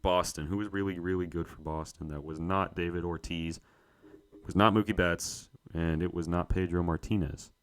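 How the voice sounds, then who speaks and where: A man's voice: low-pitched, steady tone, normal speed. A young man, co-host of a sports show, thinking aloud to himself as he works through a trivia quiz, muttering and searching for names.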